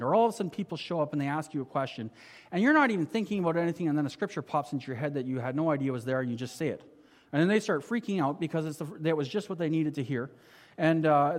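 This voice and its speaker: A man preaching a sermon in a conversational way, asking the congregation rhetorical questions and moving between emphatic and quiet passages. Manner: swings from emphatic to quiet and low. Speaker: pastor.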